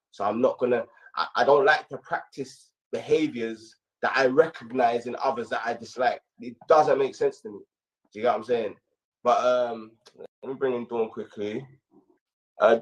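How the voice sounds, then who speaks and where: A man's voice: medium pitch, poor audio. A man hosting a live stream, talking casually and often checking whether the listener follows him. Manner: relaxed, keeps checking "do you get what I'm saying?".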